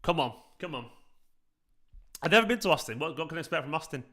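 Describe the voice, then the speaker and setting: A man hosts a live football watchalong in a bright, forward voice. He chats loosely with his viewers and breaks off to react to the match. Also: on the high side, animated, fast talker. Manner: chatty, reacts to the match while answering viewers. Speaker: fan channel host.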